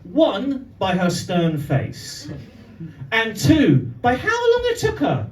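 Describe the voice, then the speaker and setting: Slow and very high-pitched, a young comedian tells animated stories that land on punchlines during a pub stand-up set. He's captured from far off in an echoey live room, with slight background noise and the crowd laughing.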